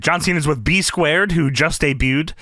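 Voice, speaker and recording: A man co-hosting a podcast in casual, profane chat, shouting with laughter. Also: moderate pace, dry recording, studio quality. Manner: loud, swearing, breaks into high shouted laughter. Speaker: podcast co-host. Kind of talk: casual chat reviewing old wrestling.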